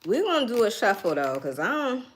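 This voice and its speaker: A woman's voice: on the high side, sing-song, a little fast, slight background noise. A woman giving a casual tarot reading, thinking aloud in a chatty way and laughing now and then. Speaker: tarot reader.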